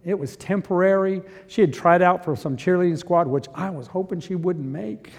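A middle-aged man preaching a sermon, moving from quiet reflection to loud, impassioned preaching. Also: high voice, moderate pace, gravelly, long reverb tail. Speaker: pastor.

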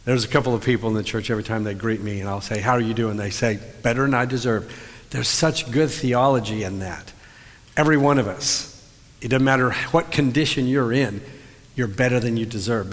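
A man preaching a sermon as pastor, talking in a conversational, storytelling way and slowing down or speeding up for emphasis. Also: mid-range voice, a bit bright. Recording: long hall reverb.

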